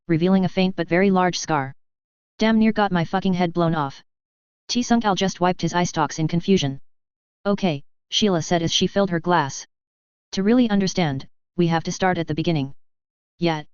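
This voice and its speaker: A woman's voice: fairly low pitch, a little mellow, smooth, dry recording, lo-fi sound. A woman narrating a sci-fi story as an audiobook, reading the dialogue with light character voicing.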